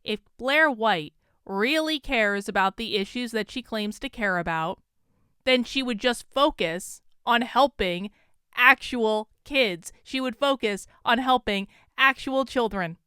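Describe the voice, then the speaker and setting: A woman's voice: fairly high pitch, measured pace, pushed and bright, clean tone, dry recording, studio quality. A woman from Vermont with a Vermont accent, giving indignant, emphatic video commentary on an online feud. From Vermont, USA. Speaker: commentary YouTuber.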